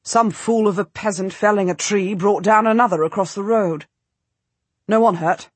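A woman voicing an earnest, devoted young male knight in an audiobook, with a hushed, respectful urgency. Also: medium pitch, normal speed, slightly rough, no echo, lightly acted. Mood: reassuring.

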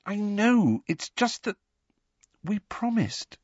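A man's voice: a little high, expressive, unhurried, dry recording, lo-fi sound, voice pushed up. A man reading an audiobook voices a studious, bossy teenage girl, speaking firmly and a little exasperated. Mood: small, guilty. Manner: firm, slightly exasperated.

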